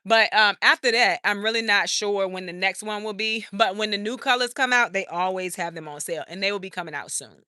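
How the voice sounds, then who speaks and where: She talks fairly quickly with few pauses, her medium-pitched voice sharp-toned, as she hosts a live garden tour for her channel in an outdoor urban garden. Chatty and laughing often, she reads viewer comments and calls them "y'all." The recording is dry and studio quality.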